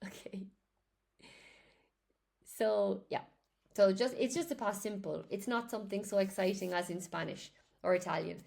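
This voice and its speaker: A woman's voice: medium pitch, vocal fry, a little mellow. A woman teaching English in a chatty live lesson, greeting viewers by name as she explains grammar.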